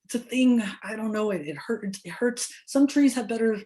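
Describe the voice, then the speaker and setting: A woman voicing a tree fed up with a woodpecker in a live improv comedy scene, talking in a blunt, deadpan way. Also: a little high, normal speed, close to an everyday voice. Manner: blunt, deadpan, matter-of-fact.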